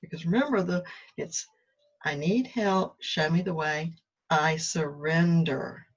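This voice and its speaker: A woman with a somewhat low, husky voice talks in a chatty, self-deprecating way. She drifts between confiding asides and little acted-out exchanges with herself. The sound is muffled and lo-fi. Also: takes it slowly. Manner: chatty, candid, self-deprecating, acts out her own inner dialogue. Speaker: spiritual self-help host. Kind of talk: casual reflective monologue. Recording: muffled lo-fi recording.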